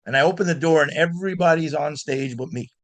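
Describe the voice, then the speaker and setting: Animated storytelling man from Miami. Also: fairly high pitch, fast talker. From Miami, United States. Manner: animated anecdotes with frequent restarts. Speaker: guest blues guitarist. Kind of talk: storytelling in an interview.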